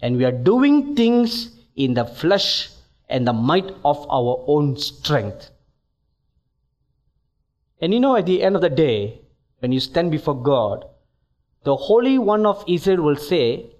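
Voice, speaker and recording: A male preacher giving an emphatic, deliberate sermon in a church, building to exhortations. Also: on the high side, very animated, a little mellow.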